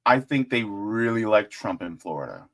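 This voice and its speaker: A man hosts casual political commentary, joking animatedly and addressing his viewers directly. His voice is on the low side at a normal speed.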